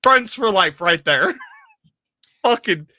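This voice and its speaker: A man co-hosting a casual podcast, telling stories in an animated, profane way. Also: sits high, slow. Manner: animated storyteller, profane, laughs often. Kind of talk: casual chat.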